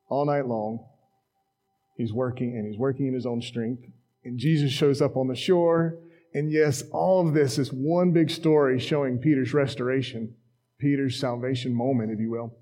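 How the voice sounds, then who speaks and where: A man's voice: mid-range voice, mellow. A man preaching a casual, conversational sermon in a church, with self-deprecating asides and acted-out quotes. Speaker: pastor.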